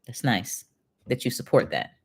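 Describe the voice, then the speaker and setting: This middle-aged woman, a retired accountant and channel host, has a rumbling low voice with lively intonation and a breathy edge, speaking at normal speed. Her casual commentary alternates between reading passages and pointed, conversational questions aimed at viewers.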